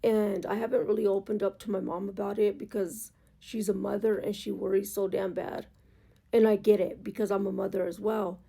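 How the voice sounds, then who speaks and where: A woman's voice: mid-range voice, level tone, normal speed, vocal fry, mellow, husky. A woman talking in a candid, emotional, rambling vlog monologue about her own life, recorded at home. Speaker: motorcycle vlogger.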